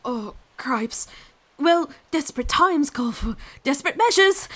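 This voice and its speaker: A woman voicing a polite, eager wooden boy who talks brightly and a little nervously. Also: high voice, animated, a little slow, voice pushed up. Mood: worried.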